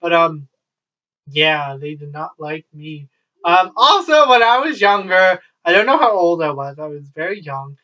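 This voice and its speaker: Young adult man, high bright voice, rambling swearing storyteller, dull lo-fi sound from a distance. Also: big pitch swings, unhurried. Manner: rambling, swears freely, wry asides. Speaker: vlogger. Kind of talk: casual storytelling. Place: at home, child nearby.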